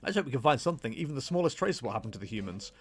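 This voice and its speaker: A man's voice: mid-range voice, sing-song, rapid-fire, soft background music. A man reading out a friendly, helpful game companion's lines in his own voice. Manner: reading on-screen dialogue aloud.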